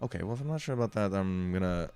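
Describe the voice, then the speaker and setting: A man's voice: low voice, animated, very fast, a little mellow, smooth, soft background music. A man playing a tabletop game, hesitant and repeating himself as he decides his moves. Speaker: player.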